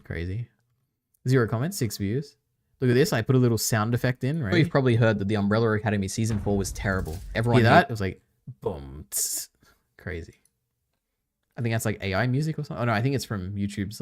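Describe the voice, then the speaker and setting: A man's voice: fairly low pitch, darkish tone. A man hosting a live stream, rambling and reacting casually as he chats.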